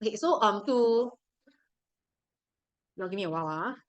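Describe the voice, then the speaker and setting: A woman's voice: mid-range voice, animated, moderate pace, highs cut off. A young woman with a Singaporean English accent teaching a live science revision class, chatty and repeating key points to coax her students along. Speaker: science tutor.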